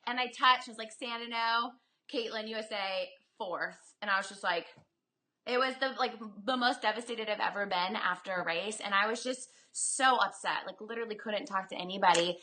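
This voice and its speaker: Bright, upbeat woman in her 30s, lively storyteller guest on a video call. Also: mid-range voice, a little fast. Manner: animated, chatty, lots of fillers. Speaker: guest, former Olympic swimmer. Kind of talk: casual interview storytelling.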